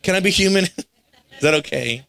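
Animated preacher with a higher voice. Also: male voice, brisk, gravelly, no echo. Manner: animated, acts out quoted voices, laughs at himself. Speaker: pastor. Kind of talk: storytelling sermon. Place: church sanctuary.

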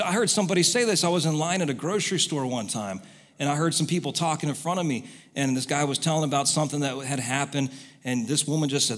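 A man preaching a sermon, telling stories and moving between quiet asides and loud exhortation. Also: a little high, fast talker. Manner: storytelling, swings from soft to loud exhortation. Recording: long hall reverb.

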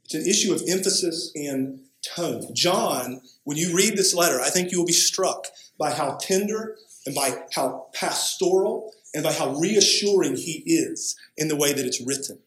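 A man preaches a sermon in a slightly high voice, pressing his points hard and tossing in "right?" to check on his listeners. The sound rings around a roomy church hall. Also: animated, moderate pace, few pauses, fairly bright tone. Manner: emphatic preaching with frequent "right?" asides. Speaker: pastor.

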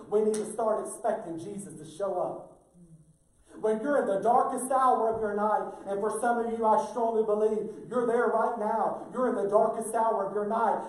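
A man's voice: high-pitched, a little mellow. Folksy, emphatic man preaching in an echoey hall. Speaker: pastor. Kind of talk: sermon. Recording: very echoey, mic far off.

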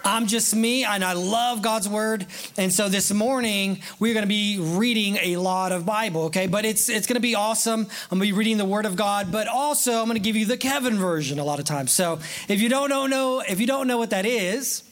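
Excitable high-voiced male pastor. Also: fairly quick. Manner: excited, chatty and joking. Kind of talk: sermon. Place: church sanctuary.

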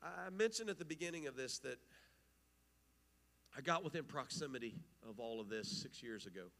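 A man's voice: medium pitch, animated, moderate pace, creaky, sharp tone, big-room sound. A man preaching an impassioned, emphatic sermon as pastor, rising and falling in intensity.

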